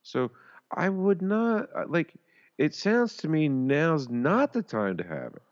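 A man's voice: on the high side, very animated, slow pace. A man co-hosting a podcast in casual comedic chat, rambling and sarcastic, laughing often. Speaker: podcast co-host. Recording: dull lo-fi sound.

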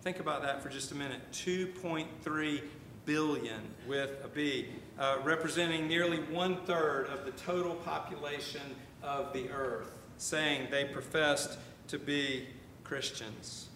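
Older guy pastor giving a sermon, bright ringing voice, echoey church, faint rumble. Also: steady tone, unhurried. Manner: conversational preaching with asides and emphatic repetition. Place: church sanctuary.

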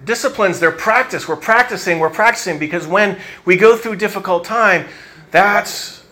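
A man's voice: high voice, normal speed, sharp tone. A man preaching a sermon in a church, in a conversational, reflective way that thinks aloud with fillers and restarts. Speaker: pastor.

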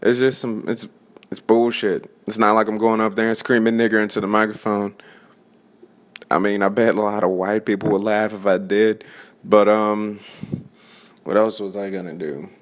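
Lower-voiced man in his twenties. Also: level tone, normal speed. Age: 20s. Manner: profane, rambling, restarts mid-sentence. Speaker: open-mic comedian. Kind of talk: casual rant.

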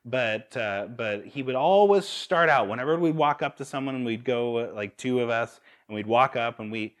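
A young man preaching a sermon in a relaxed, conversational way, with fillers and restarts. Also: mid-range voice, normal speed. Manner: conversational with fillers and restarts, laughs at own stories.

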